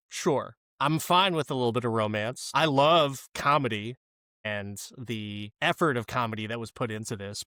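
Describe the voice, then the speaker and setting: A man's voice: mid-range voice, fairly bright tone, clean tone, dry recording, studio quality. A man co-hosting a podcast, chatting casually about a movie in rambling sentences and swearing freely when he gets going. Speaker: podcast co-host. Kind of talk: casual movie-review chat.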